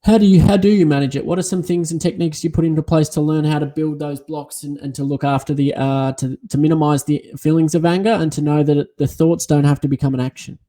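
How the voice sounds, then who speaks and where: A man's voice: on the high side, fairly even intonation, quick pace, few pauses, mellow. A man hosting a podcast who asks earnest, reflective questions that ramble a little. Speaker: podcast host.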